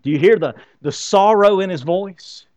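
Animated male preacher. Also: high-pitched, normal speed, no echo. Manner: animated, asks the congregation rhetorical questions. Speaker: pastor. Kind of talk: sermon.

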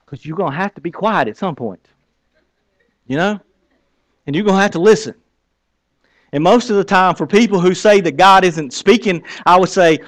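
A male pastor preaching a sermon in a conversational style, dropping to a hush and then rising to animated, storytelling bursts. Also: on the high side, brisk, no room sound.

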